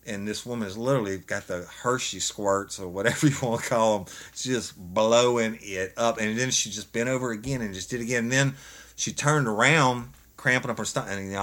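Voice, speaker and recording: A man, a former police officer telling a story in an animated, folksy way, laughing as he goes. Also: on the low side. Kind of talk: casual storytelling chat.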